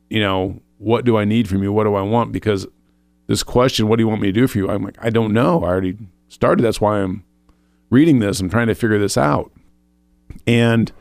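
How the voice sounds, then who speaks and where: A man's voice: fairly low pitch, no room sound. Earnest man telling a faith story. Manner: earnest, animated retelling with self-quoting and restarts. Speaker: co-host of a faith show. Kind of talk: personal testimony in casual chat.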